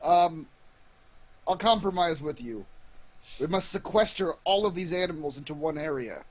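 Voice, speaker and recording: A man's voice: a little high, highs cut off. A man playing a tabletop game in character, giving stern, formal commands. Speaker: player.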